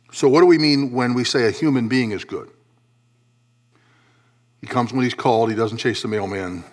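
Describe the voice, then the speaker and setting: A man preaching a sermon in a church, swinging between low, quiet asides and loud, emphatic high peaks. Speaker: pastor.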